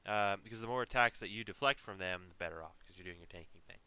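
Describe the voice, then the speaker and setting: Low, bright, smooth-voiced man at the table. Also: fast. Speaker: player. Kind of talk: casual chat during a tabletop game.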